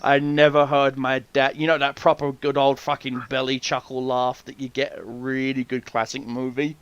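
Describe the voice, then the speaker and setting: A man hosting a podcast, telling an animated story full of swearing and acted-out voices. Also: medium pitch, normal speed, smooth, dull audio. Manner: swears freely, animated, acts out quoted voices. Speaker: podcast host. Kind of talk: casual storytelling chat.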